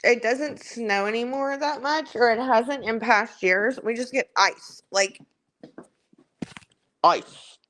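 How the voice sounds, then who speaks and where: Slow-talking woman, chatty. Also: a little high, a bit bright, no echo. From Kentucky. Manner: chatty, rambling, swears casually. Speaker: livestream host. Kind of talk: casual gossip livestream.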